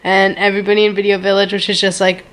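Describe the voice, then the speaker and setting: A woman's voice: medium pitch, monotone, fast talker, fairly bright tone. A young woman telling a casual storytime vlog, gushing and rambling, with lots of "like" and "so good". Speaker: vlogger.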